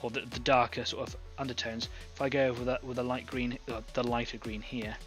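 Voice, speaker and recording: A man's voice: medium pitch, flat delivery, brisk, a bit bright, faint music behind. Chatty man demoing airbrush painting. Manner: chatty, thinking aloud with fillers. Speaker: online painting club host. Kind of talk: casual live-stream painting demo.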